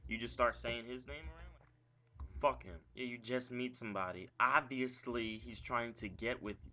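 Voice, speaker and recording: Agitated young man ranting, bright lo-fi voice. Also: medium pitch, normal speed. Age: young adult. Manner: agitated, profane ranting with frequent "like". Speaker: vlogger venting about an ex. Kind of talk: ranting vlog monologue. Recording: dull lo-fi webcam audio with faint hiss.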